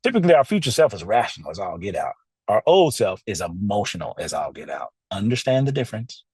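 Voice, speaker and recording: Brief: animated male podcast host, chatty and laughing, in a dry studio. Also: on the low side, fast talker, slightly rough, no echo. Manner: animated, laughs often, talks straight to listeners. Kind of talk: casual storytelling monologue.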